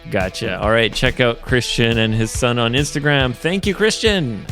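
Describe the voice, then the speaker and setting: A man hosting a podcast, chatting in a relaxed, teasing way with his guest. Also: medium pitch, moderate pace, soft background music. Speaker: podcast host. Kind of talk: casual chat.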